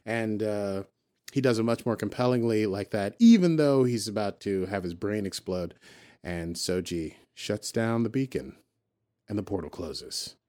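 A man's voice: lowish voice, unhurried. Man animatedly recapping a show. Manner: animated storytelling, acting out characters' lines. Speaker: podcast host recapping a TV episode. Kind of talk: casual recap chat.

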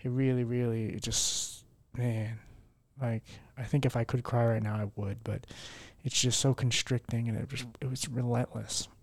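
A worn-down man talks to his podcast listeners from home, rambling candidly with plenty of fillers and restarts. His voice has a gravelly fry, and the room sounds dry and close. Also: mid-range voice, level tone, moderate pace, no room sound. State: low-spirited and worn down. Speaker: podcast host. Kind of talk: candid solo podcast chat.

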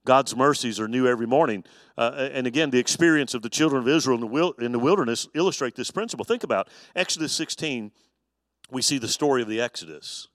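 A man, a pastor, teaching an evening adult Bible study in a folksy, animated storytelling way with touches of humor. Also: medium pitch, quick pace, no echo, studio quality, in a large hall.

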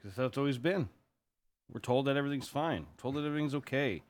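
A man's voice: medium pitch, quick pace. A man co-hosting a podcast, easygoing and laughing often as he tells stories in casual chat. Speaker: podcast co-host.

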